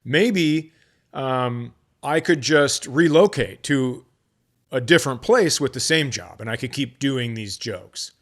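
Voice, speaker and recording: A man's voice: medium pitch, lively intonation, takes it slowly, fairly bright tone. A middle-aged male comedian hosting a podcast, telling a story in profane casual chat and acting out both sides of the conversation.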